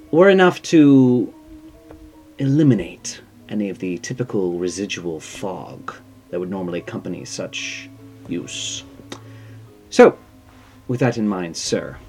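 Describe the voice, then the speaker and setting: Lowish male game master, playful narration, faint music. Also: gravelly, darkish tone. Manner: playful, chatty, self-mocking.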